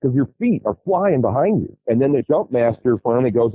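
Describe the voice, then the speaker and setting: A middle-aged man tells his tales with a husky, fairly low voice that leaps up and down with animation. He swears freely and laughs through his stories. The sound is thin and tinny like a phone call, with no room around it. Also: very animated, brisk, dry recording. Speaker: podcast guest. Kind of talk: animated storytelling.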